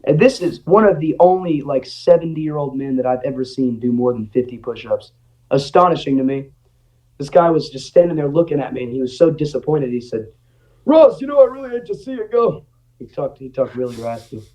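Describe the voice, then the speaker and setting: A man's voice: medium pitch, brisk. A young man telling a personal story in casual chat, acting out what people said. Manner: animated, acts out quotes. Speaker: guest. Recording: dull lo-fi audio.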